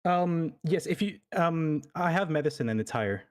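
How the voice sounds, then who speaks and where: A man's voice: a little high, expressive, moderate pace. A man playing a tabletop game, describing his character's actions with frequent hesitations and fillers. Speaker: player.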